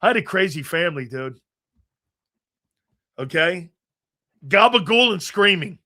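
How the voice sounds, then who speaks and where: On a live sports talk show, this male host speaks in a high, cutting, bright voice and gets easily excited. His storytelling comes fast, in bursts that restart, laced with profanity, loud, and punctuated by shouts when he's fired up.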